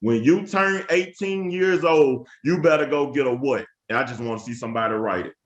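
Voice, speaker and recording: A man's voice: medium pitch, fairly quick, highs cut off. A man in his thirties giving a webinar talk to teachers, telling stories in an emphatic, preacher-like way, repeating phrases and calling on the audience. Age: 30s. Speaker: education speaker.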